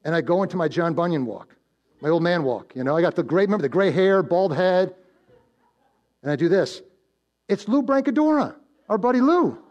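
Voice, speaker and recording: A man preaching a sermon as pastor, swinging between loud emphatic build-ups and hushed low warnings, telling stories and posing questions to the congregation. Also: sing-song, fairly quick, long pauses, lo-fi sound. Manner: storytelling with direct questions to the congregation. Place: church.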